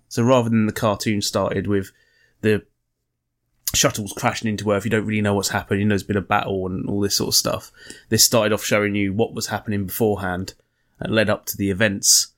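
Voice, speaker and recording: A man co-hosting a podcast, delivering dry, sarcastic quips and steady explanations. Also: on the low side. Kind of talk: casual chat.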